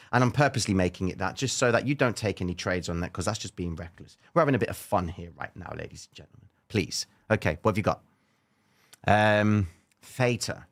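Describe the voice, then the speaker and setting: A man hosting a live trading stream, casually walking viewers through order-book levels and chatting with them, often checking in with a quick "okay?". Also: mid-range voice. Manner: casual, animated, talks straight to viewers with frequent "okay?".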